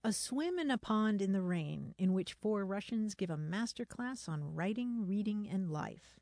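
A woman co-hosting a radio talk show, brisk and affirming. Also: mid-range voice, lively intonation, dark tone, no room sound, studio quality. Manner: brisk, answers with short affirmations. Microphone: studio microphone.

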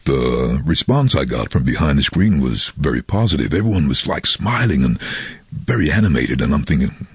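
A man with an extraordinarily deep, husky voice spins relaxed, chatty anecdotes as an interview guest. His pitch moves around a lot as he talks, and the sound is close and dry. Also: moderate pace, dry recording. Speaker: voice-over artist and guest.

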